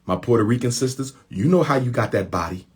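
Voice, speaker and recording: A man's voice: medium pitch, lively intonation, quick pace, a little mellow, husky. A man speaking in an impassioned monologue to his followers, using repetition and rhetorical questions in colloquial speech.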